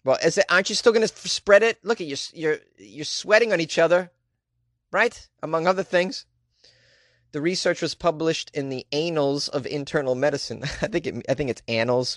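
A man's voice: on the high side, normal speed, a bit bright, no room sound, clean studio sound. A man hosting a casual comedic news chat, reading stories and breaking off into joking, self-mocking asides.

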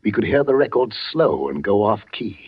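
An actor playing an older village vicar and father in a 1940s radio play, earnest and measured with quiet authority. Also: fairly low pitch, very animated, husky. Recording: dull lo-fi old radio recording.

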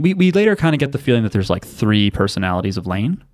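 A man co-hosting a podcast, chatting casually and telling animated, jokey stories. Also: medium pitch, fast talker, few pauses, no room sound, clean studio sound. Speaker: podcast co-host. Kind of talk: casual chat.

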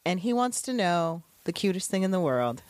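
A woman's voice: lowish voice, normal speed. Gushing woman podcast co-host. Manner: expressive and gushing, swears casually, laughs often. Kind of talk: casual rewatch podcast chat.

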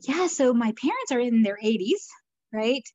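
A middle-aged woman from Peru speaks as an interview guest, pitched a little high and thoughtful. She pauses, restarts and fills gaps as she tells her story. Her voice comes through dull and dry, with no room sound. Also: sing-song, a little mellow, dry recording. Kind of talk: reflective conversational storytelling.

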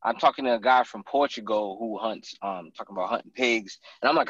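Man, podcast guest, lively storyteller, dry close sound, a bit dull and muffled. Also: medium pitch, brisk, hardly any pauses, no echo. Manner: animated storyteller who acts out others' lines. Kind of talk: casual storytelling chat.

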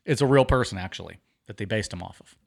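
A man's voice: on the low side, fast talker, vocal fry, a little mellow. A man co-hosting a podcast, bantering casually with profanity and rambling jokes. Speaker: podcast co-host.

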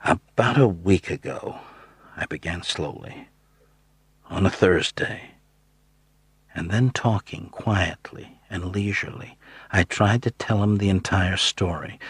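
A man giving measured, steady first-person audiobook narration on a close studio mic. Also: deep voice, slightly rough, no room sound.

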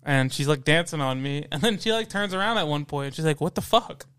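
A man's voice: a little high, animated, fast, fairly bright tone, clear, resonant tone. A man on a casual podcast, telling a crude story in rambling bursts full of stammered restarts and laughter. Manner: profane, crude humor. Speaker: podcast co-host. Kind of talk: casual chat.

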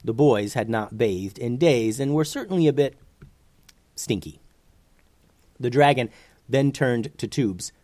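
A man reading a children's fantasy story aloud as narrator, in an expressive, animated way. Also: medium pitch, a little slow, pauses often, no echo.

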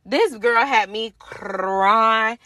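A woman's voice: on the high side, very slow, no room sound. Profane young woman telling a story. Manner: animated, profane, acts out quoted voices. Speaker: podcast host. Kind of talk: casual storytelling.

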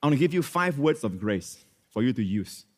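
A man preaching a sermon in church as pastor, switching between loud, emphatic exclamations and hushed, prayerful phrases, with many repetitions and hallelujahs. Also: mid-range voice, big pitch swings, fairly quick, big-room sound. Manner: repeats phrases, frequent hallelujahs and amens.

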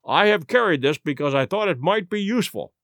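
Firm, measured Victorian detective with a lively delivery, voiced by a male narrator. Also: high voice, no room sound, clean studio sound. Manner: firm, measured, brisk when urgent. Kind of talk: audiobook reading.

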